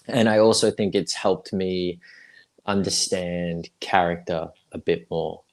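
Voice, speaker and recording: A man's voice: sits low, level tone, a little slow. A young adult man, a guest actor chatting casually on a livestream, rambling with lots of fillers and restarts.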